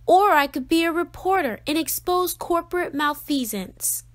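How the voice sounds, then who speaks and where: A woman's voice: extremely high pitch, animated, moderate pace, pitched above the performer's own voice. A woman voicing a strong-willed, dramatic little girl who speaks emphatically. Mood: earnest. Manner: emphatic, indignant questions.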